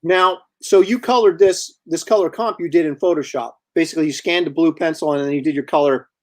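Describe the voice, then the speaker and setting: Easygoing male host, higher voice. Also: a little fast. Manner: joking, teasing, relaxed. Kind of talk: casual live-stream chat.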